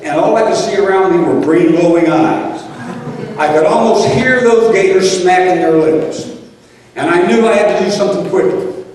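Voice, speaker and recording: High-voiced man spinning a tall tale. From North Louisiana. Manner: folksy, deadpan exaggeration with drawn-out pauses. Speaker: storyteller at a liars' contest. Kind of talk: told tall tale to a live audience. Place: stage in a large hall. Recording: echoey hall from far off with faint noise.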